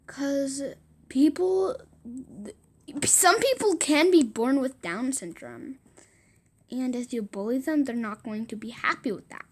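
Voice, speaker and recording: A woman's voice: high voice, expressive, a little slow, darkish tone. A woman telling a casual storytime, rambling and repeating herself, restarting sentences and slipping into whispered asides.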